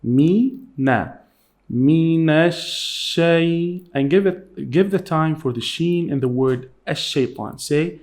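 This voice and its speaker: A male recitation teacher with a fairly high voice, drilling pronunciation. He corrects mistakes firmly and leans hard on the heavy sounds so they come out full. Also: normal speed, few pauses, darkish tone. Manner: emphatic, stresses heavy sounds.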